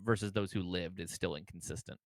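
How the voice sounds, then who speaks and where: A man's voice: sits low, fairly even intonation, fairly quick, no echo. A man narrating a tabletop game as game master, hesitant, with many ums and restarts.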